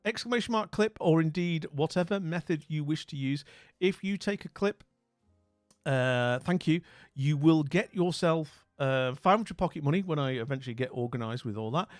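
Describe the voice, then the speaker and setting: A talkative British man chats casually through a live stream, rambling and trailing off. His slightly high voice bounces up and down in pitch. The mic is close and dry, with faint music underneath. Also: expressive, normal speed, dry recording. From Britain. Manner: chatty, rambling, trailing off into mumbles.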